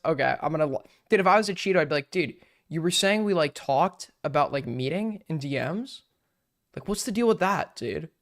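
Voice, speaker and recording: A man with a fairly high voice hosts a casual live stream. He reads viewer comments aloud and answers them with sarcasm and crude jokes. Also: animated, a little fast, fairly bright tone. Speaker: streamer host.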